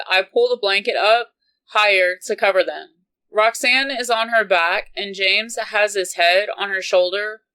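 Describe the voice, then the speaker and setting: A woman reading a romance novel aloud in an unhurried, even manner. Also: medium pitch, rough recording. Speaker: audiobook reader.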